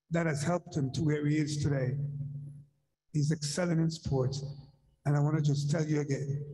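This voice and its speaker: A man's voice: a little high, warm tone, long reverb tail, slight background noise, rough recording. A man on a school board giving earnest, emotional remarks at a meeting, repeating his points like a sermon. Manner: earnest, emotional, preacherly repetition.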